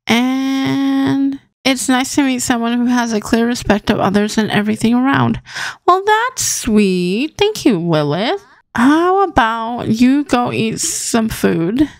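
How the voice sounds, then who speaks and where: Young woman, casual gaming host, slightly high, very animated delivery, dry close sound. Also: no echo. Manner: chatty, talks to her game characters. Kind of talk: casual gameplay commentary.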